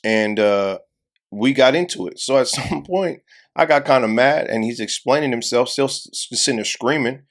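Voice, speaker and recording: A man's voice: medium pitch, moderate pace. A young adult man co-hosting a podcast, telling a story in casual chat and acting out the people he quotes. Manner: animated storyteller, acts out quotes, heavy profanity. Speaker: podcast co-host.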